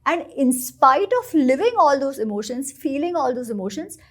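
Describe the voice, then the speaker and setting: A woman, a guest author, telling stories in an animated and expressive way during an interview. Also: sits high, normal speed. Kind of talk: storytelling in a podcast interview.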